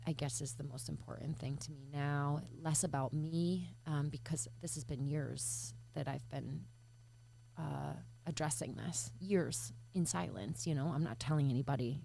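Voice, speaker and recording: A woman from Michigan speaking earnestly in an interview, reflective and searching, often pausing with fillers and restarting her thoughts. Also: low voice, vocal fry, a little mellow, slight background noise. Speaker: podcast guest.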